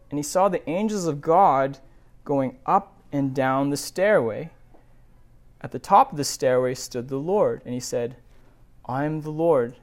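Guy preaching, reads the bible then goes off on chatty tangents, slightly high voice. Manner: animated, digressive asides between readings. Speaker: pastor. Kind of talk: sermon, scripture reading with commentary.

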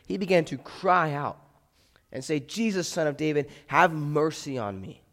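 A man's voice: fairly high pitch, gravelly. A man preaching a conversational sermon as a pastor, often checking in with "right?". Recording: echoey hall with long reverb.

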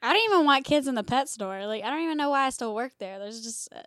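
Blunt, profane woman, higher voice. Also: lively intonation, fast, fairly bright tone, no echo, studio quality. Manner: blunt, profane, storytelling with acted quotes. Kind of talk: casual comedic chat.

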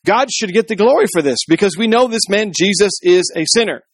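A man's voice: animated, a little fast, dry recording, studio quality. Scornful accusers, raised and pointed, read by a man in a sermon. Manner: accusing, pitched up. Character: hostile religious leaders, accusing, scornful.

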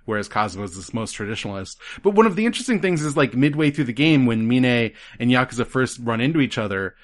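Man co-host, mid-pitched, loose rambling chat full of fillers. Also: animated, fast. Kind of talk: casual conversation about video games.

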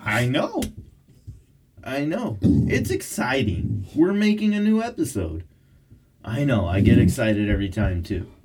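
A man, the host of a podcast, chatting in baby talk to his pet dog in a studio, his voice swooping up into high squeals. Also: huge pitch swings, a little slow, darkish tone, a little hiss or hum. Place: recording studio.

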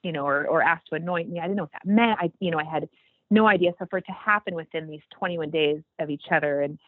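A woman guest telling a faith story in casual talk, acting out the quoted lines with animated jumps in her voice. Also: fast talker, dry recording. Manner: animated, acts out quoted dialogue with big pitch jumps. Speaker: podcast guest. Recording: dry, tinny phone-like line.

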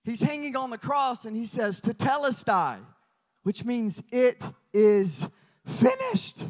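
A man preaching a sermon as pastor, telling stories with lively swings from hushed asides to loud emphasis. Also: very high-pitched, slow, big-room sound.

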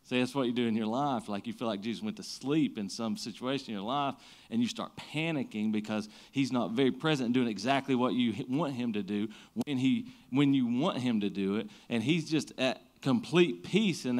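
A man's voice: mid-range voice, normal speed, hardly any pauses, a little mellow. Pastor, male, casual sermon with stumbling restarts and surging intensity. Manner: conversational preaching, frequent restarts, rises and drops in energy.

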